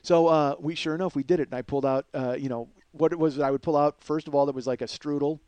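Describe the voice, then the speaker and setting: A man telling a story as podcast host in an animated, profane, energetic way. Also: a little high, fast, clean tone, dry recording.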